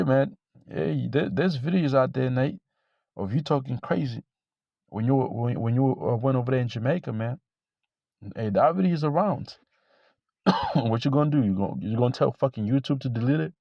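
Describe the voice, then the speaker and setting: A man preaching informally to camera, blunt and profane, repeating himself and reading scripture slowly. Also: medium pitch, darkish tone, no echo, dull audio. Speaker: religious teacher.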